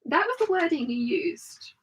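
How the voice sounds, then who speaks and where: A woman's voice: extremely high pitch, very animated, normal speed, rough recording. A middle-aged woman hosting a casual live-stream chat, telling funny stories and laughing often. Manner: chatty storytelling, laughs often. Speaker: host.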